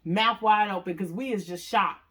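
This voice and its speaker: A woman casually telling a story to viewers, often calling them "y'all" and acting out what people said with big jumps in her voice. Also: moderate pace. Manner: animated, acts out quotes with big pitch jumps; talks straight to viewers, says "y'all" often.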